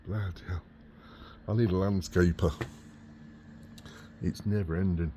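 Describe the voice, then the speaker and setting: A laid-back man talks casually to the camera about fixing up his house, often chuckling as he goes. His voice sits low and mellow, and he takes his time with the words. A faint noise runs behind him. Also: fairly even intonation, a little slow. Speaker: vlogger renovating a house. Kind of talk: casual vlog chat to camera. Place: outdoors on a rural property and indoors in a small kitchen.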